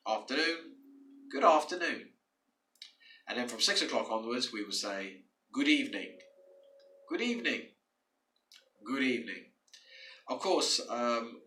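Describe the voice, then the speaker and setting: A man's voice: medium pitch, sharp tone, distant mic. A man teaching English to learners, patient and explanatory, often repeating words and restarting phrases. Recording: echoey room, away from the mic.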